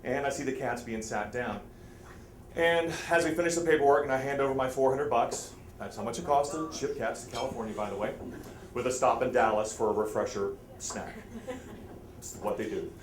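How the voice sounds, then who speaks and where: Man, live storyteller, self-mocking, animated, roomy hall, faint background hum. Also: a little fast. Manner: animated, self-mocking, voice jumps high when excited. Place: live storytelling event before an audience.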